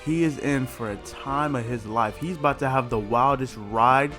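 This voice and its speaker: A man's voice: mid-range voice, normal speed, sharp tone, faint music behind. A man hosting a reaction video, talking in a blunt, mocking, slangy way. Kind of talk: casual reaction commentary.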